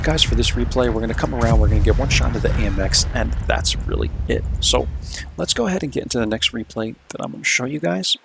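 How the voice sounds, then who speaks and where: A man's voice: mid-range voice, creaky, noisy background. A man casually talking through replays of his own games as the video's host, laid-back and chatty, often checking in with "right?".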